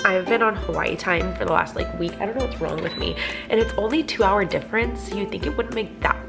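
A woman's voice: lowish voice, fairly quick, gravelly, loud music behind the voice. Chatty woman vlogging at home. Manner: hushed at first, then chatty and upbeat with her daughter. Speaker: family vlogger. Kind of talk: casual vlog chat. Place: home kitchen, indoors.

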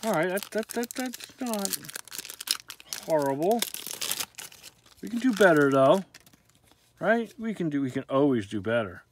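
A man's voice: a little high, sing-song, a little slow, long pauses, slight background noise. A man opening trading card packs, calling out each card's name in casual commentary with joking, self-deprecating asides. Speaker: card pack opener.

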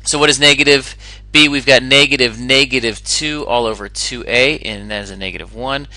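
Male math teacher, bright and sharp tone, dry close recording, upbeat step-by-step explainer. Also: mid-range voice, brisk, no room sound, rough recording.

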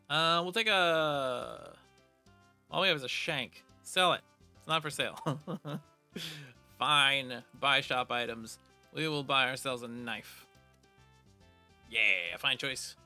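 A gaming video creator delivers casual let's play commentary in a mid-range, creaky voice that sounds bright and forceful. He plays the game while reading its text out loud, peppering it with playful jokes.

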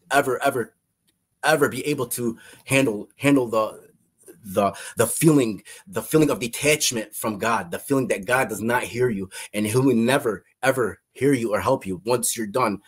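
A man with a husky, breathy voice tells an emotional personal story. He stumbles, repeats words and restarts his sentences as he searches for the right way to say things. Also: mid-range voice. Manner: halting, repeats himself, restarts phrases. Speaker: testimony guest.

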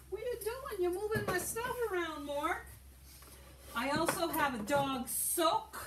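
A woman's voice: sits high, fairly bright tone, a little hiss or hum. A woman hosting a casual live-stream sale, chatting to buyers by name and talking through items as she looks for them. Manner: chatty, thanks buyers by name, talks while rummaging.

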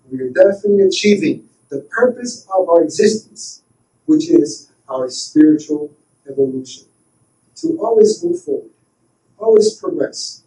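Male spiritual lecturer, high and mellow voice, earnest, recorded far off in an echoey room. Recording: roomy hall, voice from far off.

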